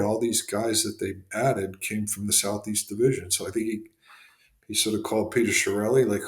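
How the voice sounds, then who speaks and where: A man speaks as a podcast guest, his voice sitting on the low side. He tells long stories in a loose, rambling way, full of fillers and restarts. The room around him has a noticeable echo. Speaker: guest, former hockey executive and scout. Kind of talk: casual podcast interview storytelling.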